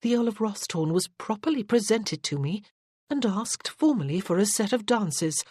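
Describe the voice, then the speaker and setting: A narrator voicing a spirited, sharp-tongued young noblewoman in an audiobook. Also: mid-range voice, lively intonation, moderate pace, no room sound, clean studio sound, voice pushed up. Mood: sharp reproof. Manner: crisp and reproving. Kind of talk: audiobook character voice.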